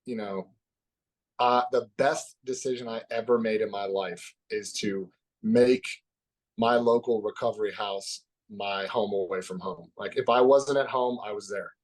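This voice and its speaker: A man as a podcast guest, telling a personal story in an open, reflective way that drops soft at the heavy parts. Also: lowish voice, a little slow. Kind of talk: candid conversational storytelling.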